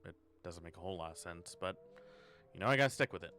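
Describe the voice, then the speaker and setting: A man's voice: low voice, expressive, fast talker, pushed and bright. A man streaming a horror game, thinking aloud in a sarcastic, swearing way. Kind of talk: casual horror game let's play.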